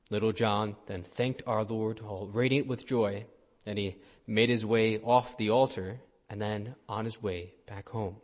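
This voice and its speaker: A man, a priest, giving a sermon and telling a story in a gentle way. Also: lowish voice, steady tone, a little slow. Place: church. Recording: long church reverb.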